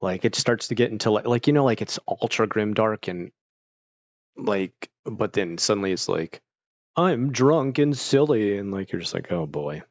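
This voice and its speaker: A man's voice: on the low side, steady tone, normal speed, dry recording, highs cut off. A man chatting casually with his stream viewers, rambling with lots of fillers while fighting off hiccups. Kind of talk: casual chat.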